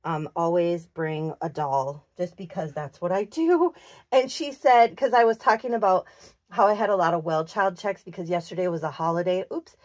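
A woman's voice: on the low side, moderate pace, dry recording, studio quality. A woman chatting casually as she shows off doll clothes, gushing and cooing over every little detail. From Minnesota, USA. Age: adult, works in a clinic. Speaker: doll collector vlogger. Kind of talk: casual show-and-tell chat.

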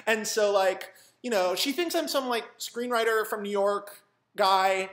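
Young screenwriter, animated rambling storyteller, high voice, roomy sound. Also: male voice, a little slow. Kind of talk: casual storytelling monologue. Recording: roomy echo.

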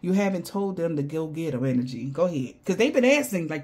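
A woman's voice: lowish voice, animated, a little fast, hardly any pauses, darkish tone. A woman giving a casual tarot reading to viewers. She talks in loose slang, swears often and laughs between her asides. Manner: blunt and profane, loose slangy chatter. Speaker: tarot card reader.

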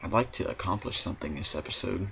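Male gamer, deep-ish voice, exasperated complainer; dull lo-fi home mic. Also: lively intonation, quick pace, vocal fry, pushed and bright, a little hiss or hum. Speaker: gaming commentator. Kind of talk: let's play commentary.

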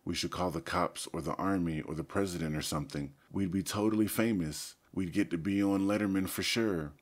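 An excitable, chattering teenage boy from a storybook reading, as a man puts him on. He rushes from one idea to the next with a low, heavy-set sound. He stays a reader's light sketch of a boy. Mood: urgent.

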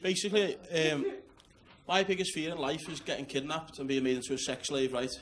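A man's voice: a little high, fairly even intonation, brisk. A man with a Liverpool accent doing a sweary stand-up set, chatting with the crowd and checking they follow along. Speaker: stand-up comedian. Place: comedy club stage before a laughing crowd. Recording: live club recording, loud crowd and noise.

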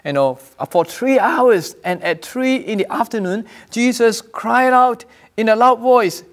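A man's voice: extremely high pitch, a little slow. A man preaching a sermon as pastor, earnest, repeating and restarting phrases, raising his voice for quoted cries. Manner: raises voice when quoting cries from scripture.

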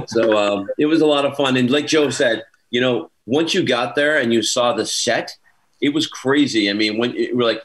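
A man's voice: mid-range voice, a little fast. A man telling self-mocking anecdotes as an actor on a virtual panel over a video call. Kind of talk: casual panel chat.

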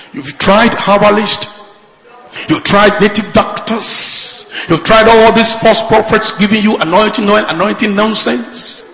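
A male pastor preaching a fervent sermon, moving from shouted appeals to low, pleading lines. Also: fairly even intonation, measured pace, echoey room, long reverb tail, rough recording.

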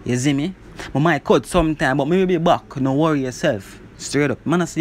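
A man casually reviewing a song, talking in an animated way and filling his lines with "bro" and "you see me". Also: fairly high pitch, fairly quick, hardly any pauses, slight background noise. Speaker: music reviewer.

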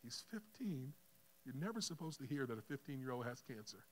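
A man's voice: medium pitch, sing-song, brisk. Man telling his story in a sermon. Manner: emotional storytelling, acts out dialogue, swings from hushed to loud. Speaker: pastor. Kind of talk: sermon testimony.

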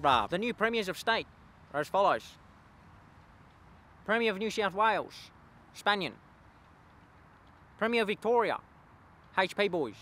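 Here the sketch creator, an Australian man, uses a high-pitched and fairly bright voice to embody a brash young eshay who ended up prime minister, swaggering through cocky slang.

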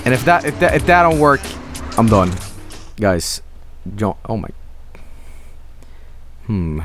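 A man streaming a video game, rambling and swearing in animated, casual commentary. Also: medium pitch, normal speed, faint music behind. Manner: rambling, profane, animated, jumps to silly voices.

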